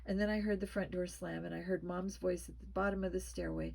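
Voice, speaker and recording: A woman narrating a spooky children's story with a tense, expressive reading. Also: fairly low pitch, fairly quick, vocal fry, hardly any pauses, slightly rough, low-quality recording. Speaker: storybook reader.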